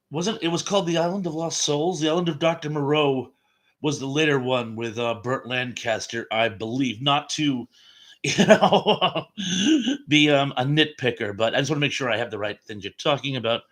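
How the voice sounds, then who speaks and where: Male live-stream host, mid-pitched, relaxed chat, reads comments aloud and chuckles a lot.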